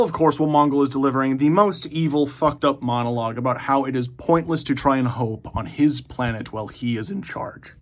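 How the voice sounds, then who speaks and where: A man hosting his own channel, recapping an imagined story in a casual, excitable, profane way, rushing through in bursts. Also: medium pitch. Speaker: YouTube host.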